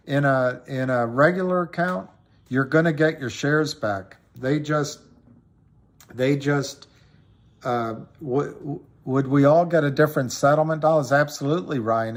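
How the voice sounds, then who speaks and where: A man's voice: a little high, normal speed. A middle-aged man hosting a live stream, rambling through stories and answers to callers with many restarts. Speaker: livestream host answering callers.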